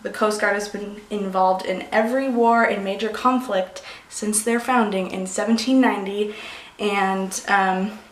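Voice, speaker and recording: A woman's voice: medium pitch, steady tone, unhurried. Rambling young woman vlogging in an echoey room. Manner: rambling, scattered, emotional. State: pregnant. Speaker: beauty vlogger. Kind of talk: casual vlog chat. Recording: echoey room, faint noise.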